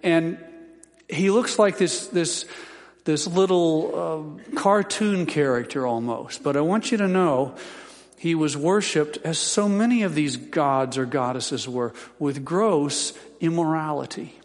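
A male pastor delivering a sermon, his slightly higher voice carrying in a hall with a long echo. He teaches scripture in a folksy way, dropping joking asides along the way. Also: takes it slowly.

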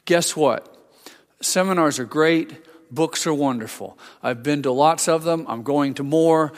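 An older male pastor delivers a sermon in a relaxed, conversational way, often restarting phrases and adding asides. His voice sits slightly high for a man. A long reverb hangs behind every sentence. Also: measured pace.

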